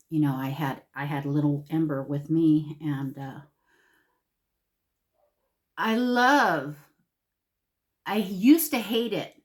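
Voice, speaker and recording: Chatty middle-aged woman, lowish voice. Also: a little mellow. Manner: rambling, conversational storytelling. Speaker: beauty vlogger. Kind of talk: casual chat to camera.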